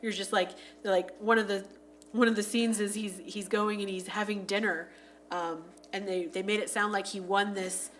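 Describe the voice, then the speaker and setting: A woman on a podcast chatting casually about a film, full of "like" fillers and acting out scenes in quick voices. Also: mid-range voice, steady tone, fairly bright tone, a little hiss or hum. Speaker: podcast panelist. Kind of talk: casual movie review chat.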